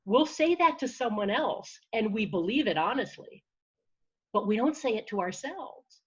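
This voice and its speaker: Husky-voiced woman coaching with energy. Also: on the high side, normal speed, highs cut off. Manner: energetic, encouraging, with frequent restarts. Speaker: confidence and public speaking coach. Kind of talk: conversational interview answer.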